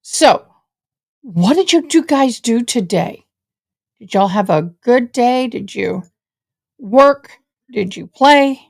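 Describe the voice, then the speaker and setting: Slow-talking woman livestreamer. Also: medium pitch, darkish tone. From Tennessee. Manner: chatty, addresses chat as y'all. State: tired. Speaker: livestream host. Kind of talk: casual livestream chat. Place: home office.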